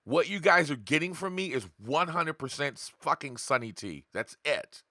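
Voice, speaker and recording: Brief: casual male podcast host, blunt and profane, bright forceful tone, dry close sound. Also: a little high, lively intonation, moderate pace, dry recording. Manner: blunt, profane, talks straight to viewers with rhetorical questions; acts out voices of others in quotes. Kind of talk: casual unscripted monologue.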